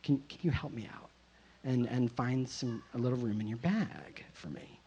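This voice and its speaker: A storyteller quoting a quiet, hesitant young man. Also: medium pitch, moderate pace, lo-fi sound, slight background noise, voice pushed down, lightly acted. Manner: hushed and hesitant.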